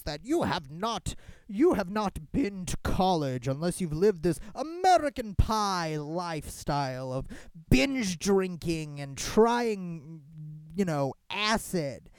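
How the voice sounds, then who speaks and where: With a smooth, medium-pitched voice and no echo, this young podcast host delivers a loose, ranting solo talk. The speech is lively and full of swearing, leans heavily on "like," and keeps starting over.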